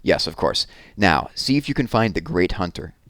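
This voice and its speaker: A man voicing a kindly adult stargazer in a storybook, patient and gently amused as he explains. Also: deep voice, big pitch swings, moderate pace, no room sound, studio quality, exaggerated voice. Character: kindly grown man with a telescope.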